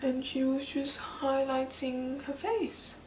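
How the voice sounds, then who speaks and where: A woman's voice: high voice, steady tone, slow, darkish tone. Chatty young woman, echoey room. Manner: chatty, comments on a video as she goes. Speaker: beauty vlogger. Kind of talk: casual makeup chat. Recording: echoey room, distant mic, faint noise.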